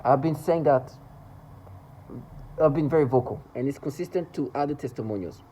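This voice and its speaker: A vlogger with a medium-pitched, warm voice speaks at a normal speed in a low-quality recording that carries a little hiss or hum. Agitated and personal, his monologue to the camera rambles with restarts and repetitions, and he mimics the laughter of others.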